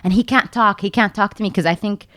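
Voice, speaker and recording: A young woman guest on a podcast, telling a story in a casual, animated way and acting out what people said. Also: fast talker, dry recording, clean studio sound. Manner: animated, acts out her own quotes in a much higher voice.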